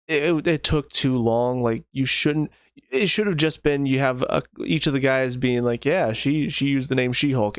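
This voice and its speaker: A man's voice: medium pitch, no room sound, clean studio sound. A man giving a casual spoken review of a TV show in a sarcastic, rambling way, often restarting his sentences.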